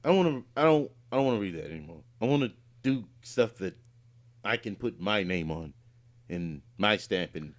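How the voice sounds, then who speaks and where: This voice actor, who co-hosts a podcast, sounds animated as he chats casually at a normal pace. His voice sits on the lower side, and his meandering story keeps stalling on fillers and fresh starts.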